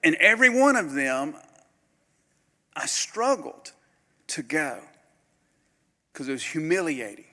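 A man, a pastor preaching a storytelling sermon that swings from loud bursts to hushed near-whispers. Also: a little high, very animated, slow, pauses often. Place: conference hall. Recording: live hall recording with long reverb.

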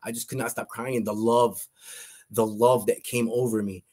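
A middle-aged man with a husky, breathy voice recounts a personal testimony. He speaks earnestly, circling back on his words and restarting sentences as he goes. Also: medium pitch, little pitch movement, normal speed, warm tone. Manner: earnest, repeats himself, frequent restarts. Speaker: guest sharing a testimony.

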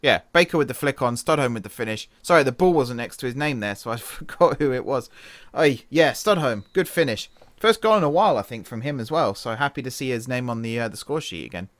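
Man, casual game commentary, chatty, self-correcting, tired, mid-range voice, dry close sound. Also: no echo. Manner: chatty, self-correcting, quick laughs, shifts from excited to low mutters. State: tired from an early start. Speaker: gaming streamer.

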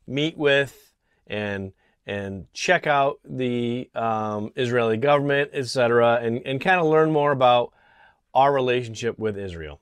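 Male vlogger from Connecticut, indignant and halting, middle pitch, throat-clearing, dry close recording. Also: no room sound. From Connecticut, USA. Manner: indignant, halting with fillers and restarts. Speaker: political vlogger. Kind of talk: casual opinion monologue. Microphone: small camera mic.

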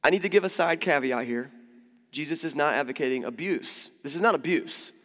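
Guy preaching in church, kinda high voice, lively, acts out little voices, echoey big room. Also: fairly quick. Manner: conversational, animated, acts out quoted voices. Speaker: pastor. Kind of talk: sermon. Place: church hall. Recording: long church reverb.

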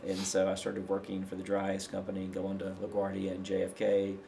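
Deep-voiced tennessee guy telling a story on a podcast, gravelly, lots of "you know", bit of hiss behind. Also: fairly quick. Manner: relaxed, many fillers like "you know". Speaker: podcast guest. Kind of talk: storytelling in a conversation.

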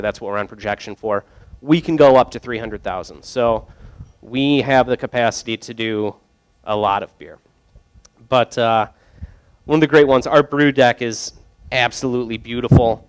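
A man's voice: medium pitch, clear, resonant tone. A young man working as a brewery sales rep, telling loose, joking stories to a group with lots of fillers. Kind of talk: casual storytelling to a group.

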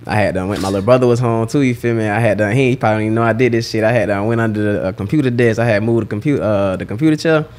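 A young rapper with a Southern US accent talks fast in a slightly low voice. He tells his stories in a laid-back, slang-heavy way. It sounds like a casual interview chat. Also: a little mellow. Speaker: rapper and guest.

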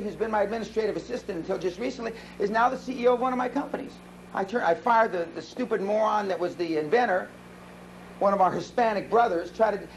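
A man's voice: sits high, slight background noise, poor audio. A man giving a live seminar talk, telling brash, profane stories to the room. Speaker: seminar speaker.

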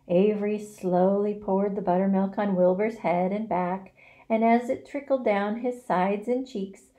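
A woman teacher reading a children's novel aloud, expressive and dramatic. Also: medium pitch. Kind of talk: storybook read-aloud.

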